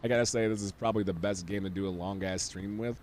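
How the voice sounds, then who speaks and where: A man streaming a video game, giving casual commentary with wry, sarcastic asides and sudden excited outbursts. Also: on the low side, fast, slight background noise.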